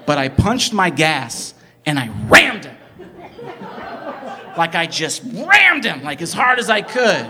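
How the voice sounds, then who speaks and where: A young man from the Midwest telling a personal story in an animated, excitable way, jumping from loud bursts to hushed asides and filling it with "like". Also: a little high, slow pace, long pauses. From American Midwest. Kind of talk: personal story told live.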